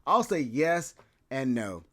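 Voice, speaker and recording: A man's voice: mid-range voice, sing-song, takes it slowly, a bit bright. A man hosting a commentary video, talking in a chatty way with lots of fillers. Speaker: commentary channel host. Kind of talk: casual commentary.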